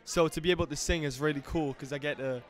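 A man, a voice actor, talking in a loud, energetic, hyper way as an interview guest. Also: fairly high pitch, fast talker. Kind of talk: casual interview chat.

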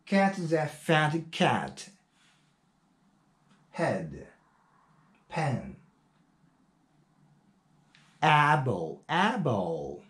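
A man with Chinese as his first language teaching English pronunciation, repeating words one at a time with drawn-out fillers. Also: fairly high pitch, echoey room. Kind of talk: slow pronunciation drill lesson.

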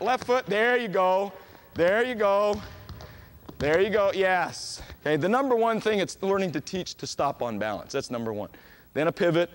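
A middle-aged man coaching a youth basketball clinic in a gym, calling out short, brisk commands to the players. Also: sits high, slight background noise. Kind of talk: coaching drills on court.

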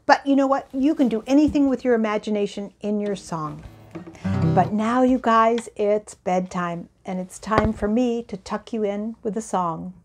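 A woman hosting a children's bedtime song show, talking gently and playfully to young kids, with guitar behind her. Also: medium pitch, moderate pace. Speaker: children's singer and show host. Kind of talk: bedtime songs and chat for children.

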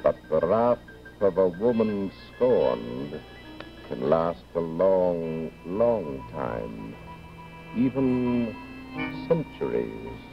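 A man voicing a vengeful spirit in a horror game, speaking slow, grave, foreboding lines. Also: deep voice, very animated, gravelly, full character voice. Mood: ominous. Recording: muffled game audio with music.

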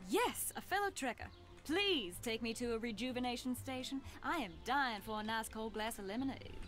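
An actress voicing a weary, thirsty resort guest in a game, dramatic and pleading. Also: female voice, on the high side, expressive, normal speed, a bit bright. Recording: game audio under music.

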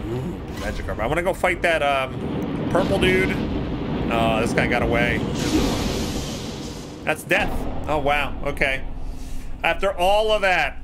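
Excitable man streaming a game, unhurried. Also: on the high side, very noisy. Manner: excitable, exclaims at loot and deaths. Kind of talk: casual let's-play commentary. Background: game music.

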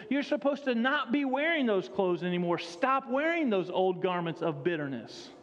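A male pastor preaching a sermon in a church, emphatic and repeating his key phrases. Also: high voice. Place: church sanctuary. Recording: dull sound with long hall reverb.

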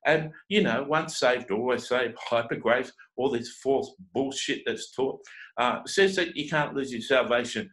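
A man's voice: mid-range voice, unhurried, a bit bright, low-quality recording. A man preaching a confrontational sermon as a self-described prophet and teacher, scolding his listeners with pile-ups of rhetorical questions and often repeating words as he starts a sentence.

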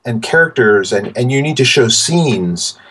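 A man voicing a brisk, friendly female art director with a Midwestern accent, chirpy and upbeat. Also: medium pitch, expressive, a bit bright, husky. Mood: instructive. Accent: Midwestern American.

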